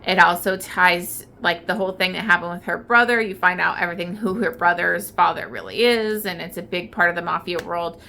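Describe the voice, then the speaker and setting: A woman's voice: on the low side, fairly even intonation, fairly quick, vocal fry, few pauses, sharp tone, a little hiss or hum. Tearful woman rambling about a book. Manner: rambling, many fillers, emotional and tearful. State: crying. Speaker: book vlogger. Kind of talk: casual book review.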